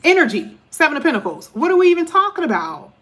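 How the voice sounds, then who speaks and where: A woman's voice: high voice, sing-song, fast talker, fairly bright tone. A woman giving a casual, chatty tarot reading to her viewers, emphatic and full of casual slang. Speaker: tarot reader.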